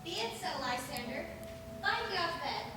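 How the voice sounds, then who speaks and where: A woman's voice: very high voice, very animated, moderate pace. A woman playing an earnest, modest young lover, declaiming verse on stage. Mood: gentle, modest. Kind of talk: stage play performance. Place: school auditorium stage. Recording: echoey hall, distant mic, noisy.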